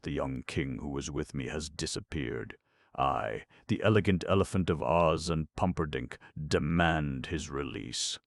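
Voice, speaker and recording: A man voicing a proud, fussy male elephant who talks in a pompous, booming way. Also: measured pace, creaky, dry recording, heavily acted. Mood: indignant.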